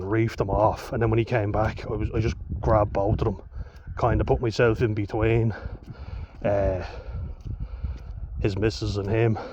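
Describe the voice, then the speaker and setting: Blunt, sweary Irish lad. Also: male voice, lowish voice. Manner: blunt, sweary, laughs between lines. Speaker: vlogger. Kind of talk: casual storytelling monologue. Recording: dull lo-fi with faint hiss.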